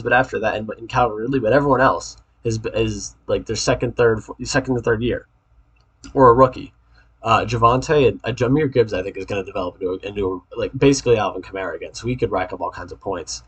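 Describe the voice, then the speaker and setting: Husky-voiced young guy, low-ish, trash-talks his league mates in a rambling, profane vlog. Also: fairly bright tone, rough recording. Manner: trash-talking, rambling with restarts. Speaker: fantasy football league member ranking teams. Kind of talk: casual profane commentary.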